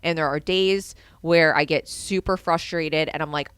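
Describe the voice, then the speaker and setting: A young adult woman co-hosting a marketing podcast, talking in a lively, earnest way with casual fillers. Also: deep voice, normal speed, clean tone, dry recording. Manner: animated, earnest advice-giving with fillers. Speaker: co-host.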